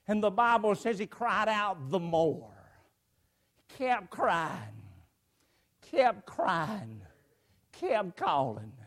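A man's voice: sits high, big pitch swings, extremely slow, pauses often, a bit bright. A man preaching a sermon to a congregation, emphatic, with repeated phrases and swelling cries. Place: church before a congregation.

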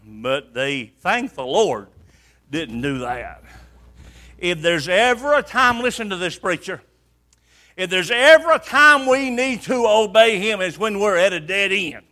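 A man preaching a sermon, swinging from hushed asides to shouted emphasis. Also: sits high.

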